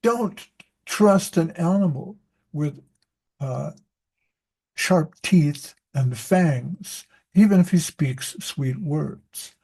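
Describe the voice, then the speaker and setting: Gravelly, husky rambling male teacher. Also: a little high, drawn-out words, mellow. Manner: rambling, self-interrupting storyteller. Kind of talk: casual group discussion.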